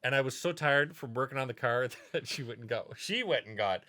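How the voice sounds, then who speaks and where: A man co-hosting a podcast in loose, casual chat, rambling through profane jokes and stories. His voice is bright and lively, swinging widely in pitch. It sounds close and dry, with no room echo. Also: fairly quick. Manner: rambling, profane joke-telling. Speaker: podcast co-host.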